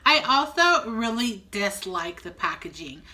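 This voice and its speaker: A woman talks through a food tasting in a relaxed, chatty way, often dropping in "like". Her voice is bright and clear-edged, at an ordinary pitch for a woman. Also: measured pace. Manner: chatty, descriptive, fond of fillers like "like". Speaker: co-host of a vegan food review channel. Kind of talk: casual food-tasting chat.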